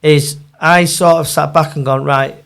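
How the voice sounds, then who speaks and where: A man, a football agent chatting in an interview, telling animated stories. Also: on the high side, moderate pace, gravelly. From Manchester, England. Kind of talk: casual storytelling interview.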